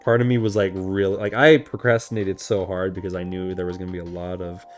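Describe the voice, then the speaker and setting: Animated young man streaming casually. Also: low voice, quick pace, faint music behind. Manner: animated, laughs often, swears casually. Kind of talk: casual livestream chat.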